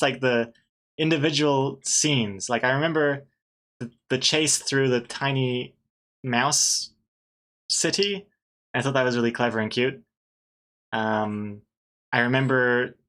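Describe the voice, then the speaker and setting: Drawing live on stream, an artist talks in a pushed, bright voice of medium pitch. His casual chatter wanders, drifts off mid-thought, and is peppered with frequent laughter.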